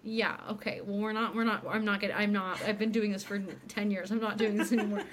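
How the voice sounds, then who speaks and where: A young woman talks through a TV episode in a casual podcast chat, jumping into the characters' voices as she goes. Her pitch sits in the middle range. A faint hiss of noise runs under the recording. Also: quick pace, hardly any pauses. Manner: animated retelling, acts out characters' lines. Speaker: podcast co-host recapping episodes.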